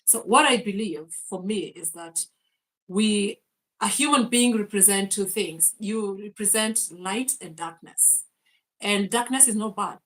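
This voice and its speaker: A woman's voice: medium pitch, measured pace, poor audio. A woman, hosting a faith and mindset livestream, laughing often and greeting viewers by name. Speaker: host.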